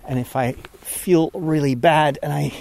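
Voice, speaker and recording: A man's voice: on the high side, unhurried, creaky, a little mellow. Chatty man rambling on an outdoor walk. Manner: rambling, chatty, easily distracted. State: slightly out of breath from walking. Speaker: priest podcaster. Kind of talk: casual walking vlog.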